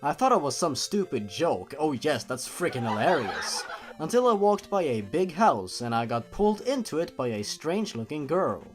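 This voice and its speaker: A man reads a creepypasta aloud in a deadpan voice, then cuts in with sarcastic jokes. His pitch swings widely as he goes. Faint music plays softly underneath. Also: moderate pace, few pauses. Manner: deadpan reading broken by sarcastic asides. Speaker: YouTube narrator. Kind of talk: comedic story reading.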